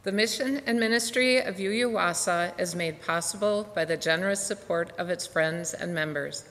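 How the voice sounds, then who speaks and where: Woman making a service announcement, plain, steady, polite, echoey sanctuary. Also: on the low side, moderate pace. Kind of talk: scripted announcement. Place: church sanctuary.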